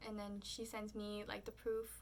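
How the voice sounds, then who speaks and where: A young woman vlogger chatting casually through a story, full of "like"s, and she voices her own remarks in quotes with high squeals. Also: monotone, normal speed.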